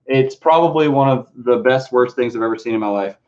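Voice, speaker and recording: A man's voice: mid-range voice, brisk, darkish tone. A man chatting casually on a live stream as he unboxes his music books, rambling and swearing freely as he answers the chat. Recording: dull lo-fi stream audio.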